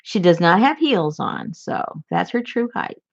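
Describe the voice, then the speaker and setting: A woman's voice: fairly low pitch, lively intonation, measured pace, creaky, lo-fi sound. A woman chatting casually in a vlog, giggly and rambling as she shows off handmade gifts. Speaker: crafter showing handmade gifts.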